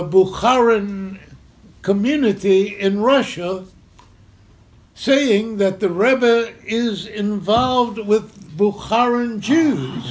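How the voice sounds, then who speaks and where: Over background noise, a high-pitched older man from Memphis tells a personal story at a community center. He chuckles and acts out the scenes for the live audience with plenty of animation.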